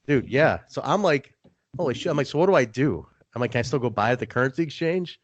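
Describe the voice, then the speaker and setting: A man's voice: mid-range voice, animated, fast talker, no echo, lo-fi sound. A young man hosting a casual podcast, swearing loosely and acting out both sides of his own stories. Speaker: podcast host.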